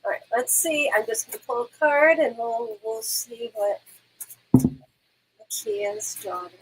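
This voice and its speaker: A woman working as a medium, giving gentle, reassuring readings on a live stream. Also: on the high side, a little slow, faint music behind, poor audio.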